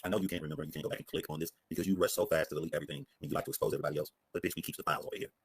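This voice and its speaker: A man's voice: very deep voice, steady tone, very fast, gravelly, a little hiss or hum. A man hosting reaction commentary on a clip, confrontational, mocking and profane. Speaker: commentary host.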